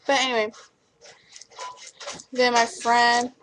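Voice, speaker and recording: A woman's voice: fairly high pitch, little pitch movement, takes it slowly, fairly bright tone, a little hiss or hum. A woman in her twenties telling a rambling story to camera in a vlog, with many restarts. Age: 20s. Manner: chatty, acts out what others said. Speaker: vlogger.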